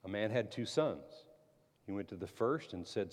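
A man's voice: lowish voice, expressive, normal speed. Preaching man in a reverberant hall. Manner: earnest preaching, reads scripture aloud with rising emphasis. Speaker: pastor. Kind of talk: sermon.

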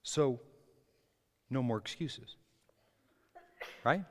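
A man preaching a sermon as pastor, swinging between soft words and loud, impassioned stretches. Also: mid-range voice, extremely slow, big-room sound. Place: church.

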